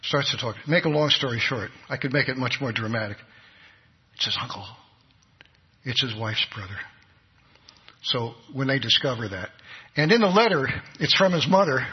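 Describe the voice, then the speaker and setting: A man's voice: medium pitch, expressive, fairly quick, husky. A man preaching a sermon, telling a story with earnest delivery and acting out the people in it. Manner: earnest storytelling, voices the people in his stories. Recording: dull recording with long hall reverb.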